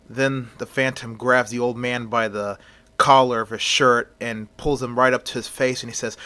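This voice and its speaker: Bright-voiced man reading a fan story. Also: medium pitch, steady tone, moderate pace. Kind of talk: amateur fan-story narration.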